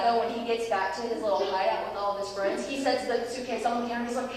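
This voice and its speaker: A woman's voice: mid-range voice, fast. Young woman storyteller in an echoey hall. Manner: lively storytelling, acts out voices. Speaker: youth speaker. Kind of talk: church talk with a told story. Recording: echoey hall, distant mic, faint hiss.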